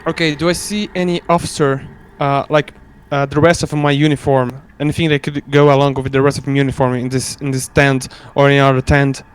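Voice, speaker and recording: A man's voice: medium pitch, little pitch movement, brisk, a little hiss or hum. A man playing a tabletop game over an online call, speaking hesitantly with stammered restarts. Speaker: player.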